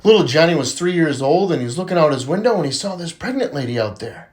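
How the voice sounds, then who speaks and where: Animated man telling jokes, lively pitch. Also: quick pace, few pauses. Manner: animated, jumps into high voices for characters. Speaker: joke teller. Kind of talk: casual joke telling.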